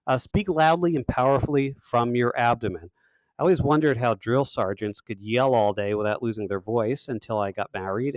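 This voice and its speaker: A man coaching salespeople on a webinar, his voice sitting a little low. He talks quickly with punchy emphasis, recorded dry with no room sound. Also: no echo. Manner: fast, emphatic, energetic delivery.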